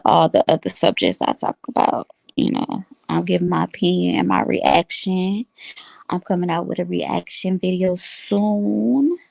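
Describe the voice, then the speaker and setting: A woman signs off her vlog in an unhurried, rambling way. Her voice sits a little low and is full of gravelly fry. The sound is dry and close, with no room around it. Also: darkish tone, no room sound. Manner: slow, rambling, with fillers. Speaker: vlogger. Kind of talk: casual vlog outro.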